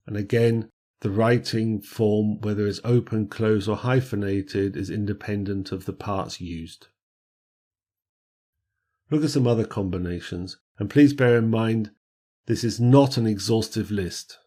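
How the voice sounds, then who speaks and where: A man teaching an English grammar lesson, reading word lists slowly with careful stress on each word. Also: on the low side, warm tone.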